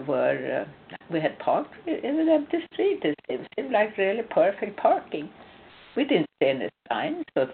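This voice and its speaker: A Swedish woman who works as a spiritual coach offers casual relationship advice through personal stories, speaking emphatically but restarting hesitantly. Her voice is low and gravelly, and the recording sounds tinny, like a phone.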